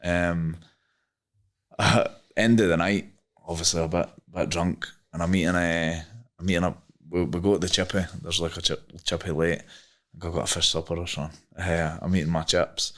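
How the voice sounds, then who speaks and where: A man's voice: sits low, flat delivery, normal speed, fairly bright tone. A young Scottish man, a podcast guest, telling a rambling story casually, swearing freely and using many fillers. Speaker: guest, MMA fighter.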